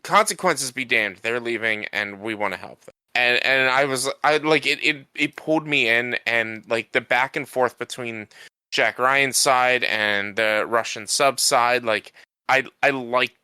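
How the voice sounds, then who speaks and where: A man's voice: medium pitch, unhurried, sharp tone, clear, resonant tone, no echo. A man co-hosting a podcast, chatting casually about a film, rambling with lots of restarts. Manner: rambling, many restarts and fillers. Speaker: podcast co-host. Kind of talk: casual chat.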